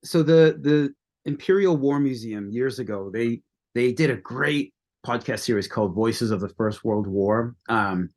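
A man's voice: mid-range voice, a little slow, darkish tone. A man from the United States, a guest on a history podcast, talking with enthusiasm and many restarts. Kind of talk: conversational history interview.

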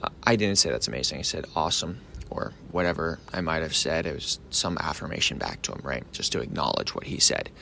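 A young man hosting a solo sales podcast, talking casually and excitedly, often asking "right?" and acting out both sides of a phone call. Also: very deep voice, a little fast, creaky, slight background noise.

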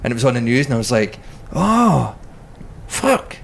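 A man's voice: mid-range voice, steady tone, racing, a little hiss or hum. Male host, crude joking banter, casual podcast chat.

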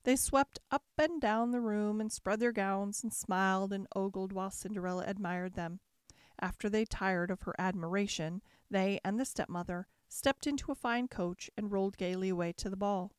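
A woman reading a classic fairy tale aloud in a measured, expressive storybook style. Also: medium pitch, clean tone, no echo, clean studio sound.

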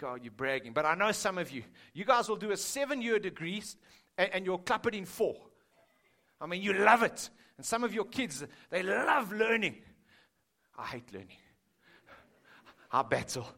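A man preaching in a high, ringing voice. He keeps it conversational, teasing and addressing his listeners directly as he reads and explains scripture. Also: sharp tone. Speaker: pastor. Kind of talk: sermon.

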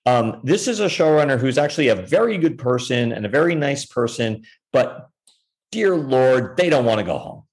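A TV showrunner guesting on a podcast answers interview questions candidly, his expressive voice running a little fast. He rambles, restarts often, and makes self-deprecating asides, his pitch jumping up whenever he hits an emphatic point.

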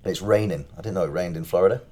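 Deep-voiced Englishman with dry humour. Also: very fast, mellow. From England. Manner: dry, joking banter. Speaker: podcast co-host. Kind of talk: casual chat.

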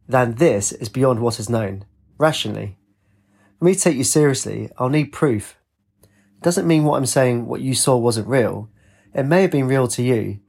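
A man with a husky voice playing a jokey, rational young male physicist in a story reading. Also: medium pitch, darkish tone.

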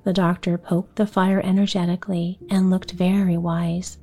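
A woman narrating a bedtime story for a sleep podcast in a hushed, slow, soothing voice. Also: fairly low pitch, little pitch movement. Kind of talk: whispered bedtime story reading.

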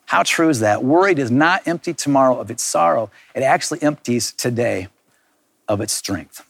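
A man's voice: mid-range voice, animated, normal speed, creaky, dry recording. A middle-aged man giving an earnest, reflective sermon as a pastor, repeating key words for emphasis. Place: recorded for online viewers.

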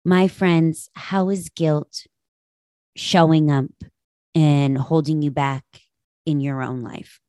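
A woman in her late thirties talks through a personal reflection with her audience, open and confessional. Her voice sits low, and the recording is close and dry, with no room sound around her. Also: steady tone, slow pace, pauses often, mellow, no room sound. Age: 30s. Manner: candid, confessional, addresses listeners directly. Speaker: podcast host.

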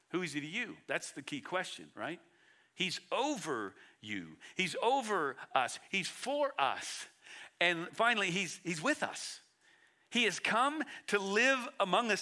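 A man preaching a sermon as a pastor, earnest, moving between loud emphatic bursts and hushed low passages, often repeating his words. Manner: frequent repeated words and restarts.

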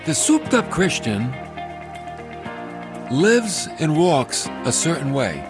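A man hosting a radio Bible teaching from a studio, folksy and animated, with joking asides. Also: on the high side, slow pace, over music. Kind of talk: radio sermon.

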